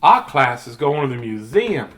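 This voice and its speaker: A man voicing a fancy, excitable little girl with a put-on Southern lady accent while reading a picture book aloud. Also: medium pitch, normal speed. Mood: delighted.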